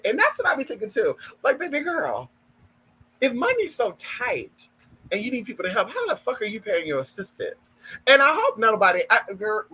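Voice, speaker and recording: A man's voice: high-pitched, sharp tone, husky, rough recording. A man in a sassy, flamboyant, profane casual gossip vlog, calling listeners honey and girl. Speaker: spiritual content creator.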